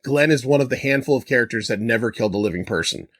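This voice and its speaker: A man's voice: medium pitch, fast talker, no room sound, studio quality. A man co-hosting a casual podcast, talking in a thoughtful, reflective way. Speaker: podcast co-host. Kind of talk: casual chat.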